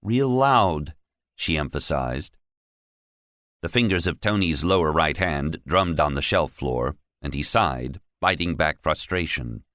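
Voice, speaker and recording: Deep-voiced and steady, a man narrates an audiobook from a script, telling the story at a measured pace. The sound is dry and cleanly studio-recorded.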